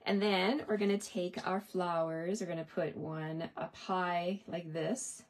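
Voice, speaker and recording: Chatty, encouraging woman with a lowish voice, running a live craft demo. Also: steady tone, a little slow. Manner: chatty, encouraging, talks to viewers. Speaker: card-making instructor.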